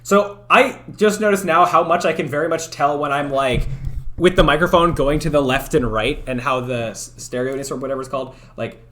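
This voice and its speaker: A man's voice: fairly high pitch, a little fast, a little hiss or hum. A man streaming late at night, chatting casually and self-deprecatingly with many fillers, keeping his voice down. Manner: talks quietly at night. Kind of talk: casual livestream chat.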